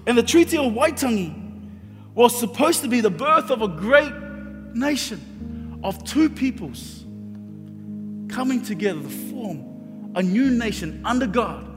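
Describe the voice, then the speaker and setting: A man's voice: very high voice, very animated, unhurried, long pauses, soft background music. A man preaching a sermon as pastor, impassioned and repetitive, acting out his own thoughts. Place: church hall with long reverb. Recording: reverberant church hall.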